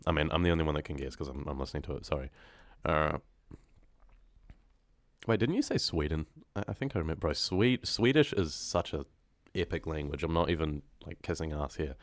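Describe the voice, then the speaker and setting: New Zealand man, young, very low voice, dry close sound, chatty and slangy, laughing with viewers, keyboard clicks. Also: animated, normal speed, no echo. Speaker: horror story narrator live-streaming. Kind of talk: casual live-stream chat with viewers.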